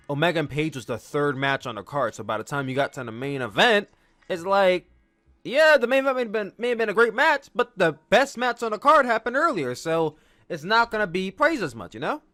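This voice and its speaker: Excitable male podcast host, casual rambling recap, higher pitch, bright edge. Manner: excitable, rambling, acts out quotes.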